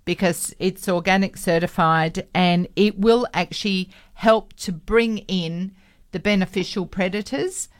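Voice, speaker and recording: A woman's voice: medium pitch, unhurried. An Australian woman hosting a radio gardening show, giving enthusiastic practical advice. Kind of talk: casual radio chat. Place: radio studio.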